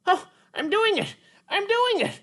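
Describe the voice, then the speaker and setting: A man's voice: very high voice, sing-song, measured pace, a bit bright, pitched above the performer's own voice, heavily acted. A man voicing a sweet, eager little male winged puppet creature in a puppet show for kids, talking in a childlike, pleading way.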